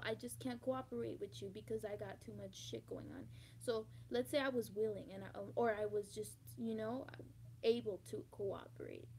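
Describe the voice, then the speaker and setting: A young woman talking to camera in a rambling confessional vlog, swearing freely and bursting into loud emphatic repetition. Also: on the high side, a little hiss or hum. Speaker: vlogger.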